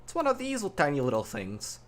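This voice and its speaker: A man running a tabletop game, his narration lively and full of swings in pitch. His voice has a bright, forward edge, and he breaks off into quick asides to the players. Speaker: game master.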